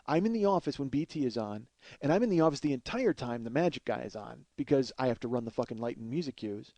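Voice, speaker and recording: A man in his forties, a comedian and podcast host, telling a profane comic story in an animated way, swearing often and laughing as he goes. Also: mid-range voice, fast, no echo, highs cut off. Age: 40s.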